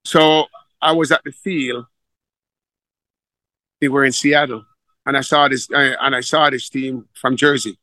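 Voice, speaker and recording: Forceful Jamaican man telling coaching stories. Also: mid-range voice, unhurried, pauses often, no room sound, low-quality recording. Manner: animated storyteller, acts out quoted dialogue. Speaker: football coach. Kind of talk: casual interview storytelling.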